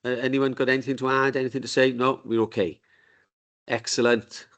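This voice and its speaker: The committee chair runs a council meeting in a genial, easygoing manner, joking with the members. His ordinary mid-pitched voice moves a little fast and is captured by a desk microphone in a meeting room.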